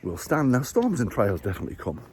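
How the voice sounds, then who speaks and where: A man's voice: medium pitch, wildly swooping pitch, fast talker, darkish tone, a little hiss or hum. A man vlogging outdoors while climbing stairs, a little short of breath, chatting in a rambling way and chuckling often as he reflects on faith. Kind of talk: casual walking vlog with faith reflections.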